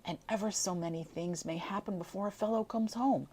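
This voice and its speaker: A woman's voice: mid-range voice, brisk, warm tone, slight background noise, natural voice. A woman reading aloud, voicing a moody young man who fumbles for words with the girl he loves. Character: gloomy, tongue-tied young man in love.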